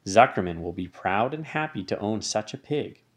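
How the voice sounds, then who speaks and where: A man voicing a wise, gentle female spider who speaks calmly and soothingly. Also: fairly low pitch, normal speed, lightly acted. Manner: calm and soothing.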